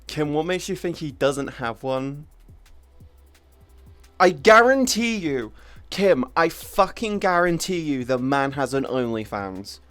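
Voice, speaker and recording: A woman's voice: low voice, expressive, takes it slowly, faint music behind. A woman streamer in casual livestream chat who laughs often and swears freely as she teases her friends.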